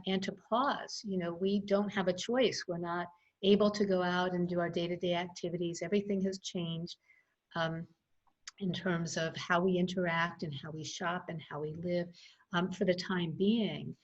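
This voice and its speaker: Reflective woman on a video call. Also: lowish voice. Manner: reflective, thoughtful, with frequent fillers. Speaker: guest expert on early childhood education. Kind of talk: casual webinar conversation. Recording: slightly dull video call audio.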